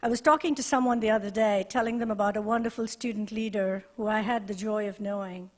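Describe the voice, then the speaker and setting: A woman's voice: mid-range voice, fairly even intonation. Earnest woman speaking in a hall. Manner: measured, earnest delivery with deliberate pauses. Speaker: director of a university LGBTQ resource center. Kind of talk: ceremony speech. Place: ceremony hall.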